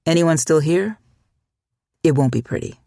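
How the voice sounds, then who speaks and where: A reader voicing a tired young male town cop who asks blunt, gruff questions, in a storybook reading. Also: medium pitch, a little slow, dark tone, dry recording, clean studio sound. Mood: curt.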